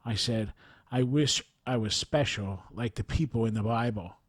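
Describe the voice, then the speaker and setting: A man slowly reading aloud a first-person account, even saying the punctuation marks. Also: fairly low pitch, slightly rough, no echo. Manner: slow, earnest reading that reads out punctuation. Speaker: narrator reading a near-death account. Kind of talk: reading a written testimony aloud.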